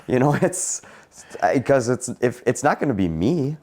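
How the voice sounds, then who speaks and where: A man hosting a podcast in casual conversation, emphatic and animated when telling his own stories. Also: mid-range voice, normal speed. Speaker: podcast host.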